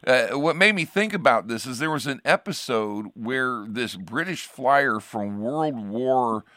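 A man's voice: mid-range voice, expressive, measured pace, bright, forceful tone, no echo, studio quality. A man hosting a radio program as a pastor, chatting casually and rambling with frequent restarts. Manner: rambling, restarts sentences often. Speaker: radio show host, pastor.

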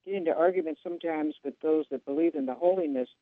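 Male co-host, high animated voice, tinny phone-like sound, affirming. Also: quick pace, no echo. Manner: frequent affirming interjections. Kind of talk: casual religious discussion. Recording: thin phone-like radio sound.

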